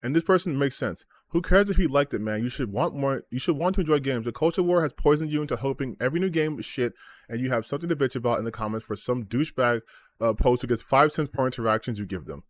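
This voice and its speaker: A man's voice: medium pitch, quick pace, no echo. A man streaming as a gaming commentator, ranting about online comments with sarcasm, exasperation and frequent swearing.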